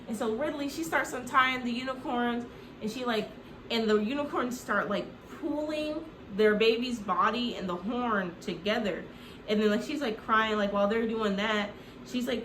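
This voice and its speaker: A woman tells a film's story in a loose, chatty, comedic way, leaning on "like" and swearing now and then. Her voice sits at a middle pitch. The room echoes noticeably, with a faint background hum. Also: a bit bright. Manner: loose, rambling, full of "like", swears. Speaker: movie recap host. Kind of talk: casual comedic movie retelling.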